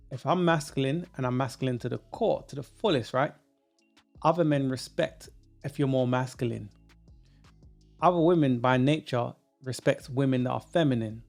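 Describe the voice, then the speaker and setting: A man's voice: mid-range voice, gravelly, a little mellow. A man co-hosting a casual opinion podcast, talking emphatically and often repeating himself. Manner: emphatic, repeats himself, frequent agreeing hums. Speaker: podcast co-host.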